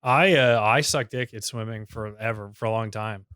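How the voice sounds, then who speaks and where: A man's voice: lowish voice, moderate pace, fairly bright tone, clear, resonant tone, no room sound, clean studio sound. A man co-hosting a podcast, ranting in casual chat with a fired-up, profane manner. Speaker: podcast co-host.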